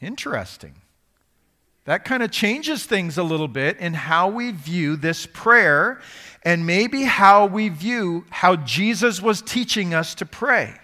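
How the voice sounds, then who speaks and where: A man preaches with a high, bright voice, keeping the sermon loose and conversational as he quizzes the crowd. His words ring out with the long reverb of a big hall. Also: animated, slow pace.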